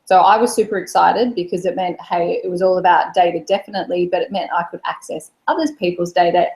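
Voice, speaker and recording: A woman from Australia with an Australian accent softened by years in the UK, answering interview questions in a friendly, brisk way. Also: lowish voice, fairly even intonation, creaky, roomy sound, poor audio. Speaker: guest expert.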